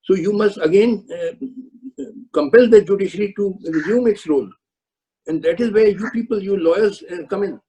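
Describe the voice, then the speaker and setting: A man's voice: high-pitched, moderate pace, dark tone, a little hiss or hum, poor audio. Firm older man lecturing on a call. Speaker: retired Supreme Court judge speaking to law students. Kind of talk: webinar answers to student questions. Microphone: video call.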